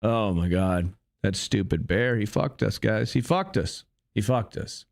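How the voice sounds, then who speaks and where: A man's voice: fairly low pitch, expressive, a little slow, vocal fry. A man hosts a shooter gameplay video, commenting as he plays and cursing freely. His voice rises and falls a great deal, though he does not rush his words. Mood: exasperated. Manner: swears a lot and shouts when upset. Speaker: gaming channel host. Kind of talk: gaming commentary.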